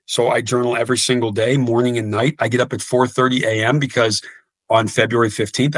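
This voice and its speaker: A man's voice: mid-range voice, fairly bright tone, breathy edge, dry recording. A man in his fifties talking earnestly in an interview, often repeating words and restarting sentences. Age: 50s. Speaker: guest coach. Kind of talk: podcast interview.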